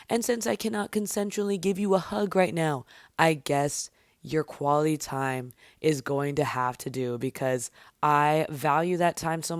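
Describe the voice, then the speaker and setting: A woman's voice: low-pitched, no echo, studio quality. A young adult woman hosting her own podcast, talking solo in an upbeat hype-woman way with casual swearing. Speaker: podcast host.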